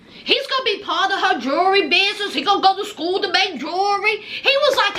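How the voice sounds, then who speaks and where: A woman giving sassy, animated casual commentary on a reality show, with folksy asides. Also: extremely high pitch, a little fast.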